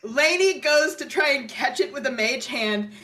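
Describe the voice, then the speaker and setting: A woman running a tabletop game over a voice call, narrating quickly with giggles. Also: sits high, animated, pushed and bright, a little hiss or hum. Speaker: game master.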